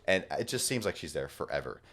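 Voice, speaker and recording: Young male podcast co-host, low voice, lively storyteller who acts out the lines. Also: fast. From Washington state, US. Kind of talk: casual storytelling.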